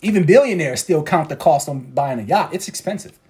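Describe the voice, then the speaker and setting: Animated and a little fast, a trading coach whose voice is somewhat high and darkish preaches to traders in a motivational talk, hammering his points through repetition.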